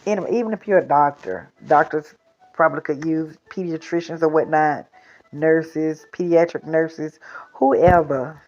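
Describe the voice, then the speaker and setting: A woman's voice: low voice, measured pace, darkish tone, faint music behind. A woman hosting a children's storytime show, chatting casually and rambling before reading aloud. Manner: chatty, rambling, repeats herself. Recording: dull lo-fi recording.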